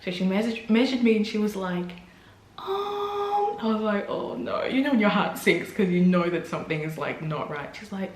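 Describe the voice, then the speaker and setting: A young woman tells her birth story to the camera in a lively, candid way. She jumps into her own past lines with bursts of energy. Her voice sits at an ordinary pitch, and the room adds a noticeable echo. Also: brisk, few pauses. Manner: animated, acts out her own quotes with laughter. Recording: roomy echo.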